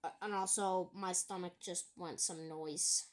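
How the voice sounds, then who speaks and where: A woman talking casually in a video, reading out online comments and scoffing at them in halting, rambling sentences. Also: lowish voice, fairly even intonation. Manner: halting, rambling, with many restarts. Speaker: YouTuber.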